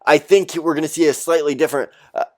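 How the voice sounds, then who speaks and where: A man's voice: fairly high pitch, steady tone, quick pace. A man hosting a solo recap show, talking through fight results in a casual, blunt, chatty way with loose fillers. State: out of breath. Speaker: podcast host recapping fights.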